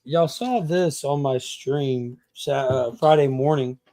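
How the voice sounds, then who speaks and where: A man in casual livestream chat, telling a haggling story and acting out the quotes in an animated way. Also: medium pitch, takes it slowly, dry recording. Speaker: comic collector guest.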